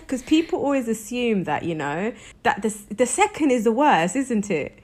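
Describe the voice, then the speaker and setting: A woman's voice: mid-range voice, moderate pace. A woman co-hosting a podcast, chatting casually and telling anecdotes about motherhood. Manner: chatty, relaxed anecdotes with laughs. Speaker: podcast co-host. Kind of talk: casual chat.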